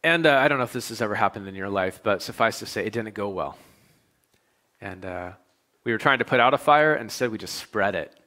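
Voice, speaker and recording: His voice runs on the low side, with lively intonation and a slightly quick pace, as this male pastor stacks repeated phrases that rise in emphasis and then drops into soft, chatty asides during his sermon.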